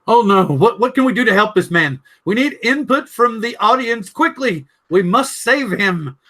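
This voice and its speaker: A man's voice: very high-pitched, lively intonation, moderate pace, sharp tone. A man with a Southern drawl hosting a live drone chat stream, rambling, joking and reading the chat aloud. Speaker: podcast host.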